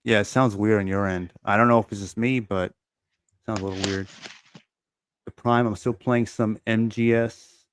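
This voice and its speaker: A man's voice: lowish voice, steady tone, normal speed, pauses often, slight background noise. A man co-hosting a casual gaming podcast, rambling loosely and swearing often. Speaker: podcast co-host. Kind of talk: casual chat.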